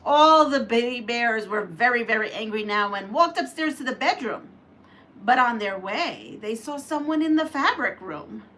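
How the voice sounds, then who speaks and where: A woman hosting a quilting livestream, reading out a homemade story and chatting with viewers, animated and laughing at her slips. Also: on the high side, normal speed. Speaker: quilting channel host.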